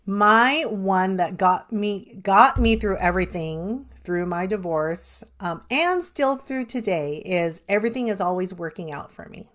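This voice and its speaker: A woman's voice: mid-range voice, expressive, unhurried, hardly any pauses, a bit bright. A middle-aged woman, a life coach and podcast guest, telling personal stories earnestly and laughing often. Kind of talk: podcast interview.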